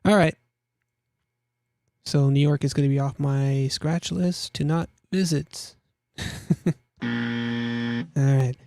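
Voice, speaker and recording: A man's voice: fairly high pitch, gravelly, a little mellow, no room sound, clean studio sound. A young man hosting a casual look at gear listings, joking around and repeating himself as he talks. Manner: chatty, jokey, repeats himself, laughs at own jokes. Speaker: host. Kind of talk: casual gear market commentary.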